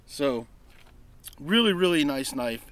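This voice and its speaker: A man's voice: a little high, lively intonation, slow pace, a bit bright. A man in a casual unboxing vlog, talking eagerly with many ums, restarts and repeated praise as he shows his collection. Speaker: knife collector reviewing his purchases.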